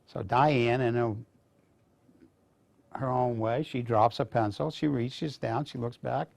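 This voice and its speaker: A man's voice: medium pitch, steady tone, takes it slowly, gravelly, darkish tone. An older man from Maine, a veteran speaking to students, telling folksy stories in a rambling, casual way. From Maine, USA. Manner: rambling, folksy anecdotes with restarts.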